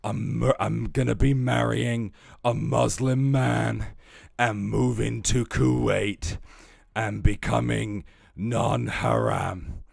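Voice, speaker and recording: A man putting on a mocking impression of a female streamer, slow and sighing. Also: medium pitch, steady tone, gravelly, no echo, clean studio sound, full character voice. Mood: mopey.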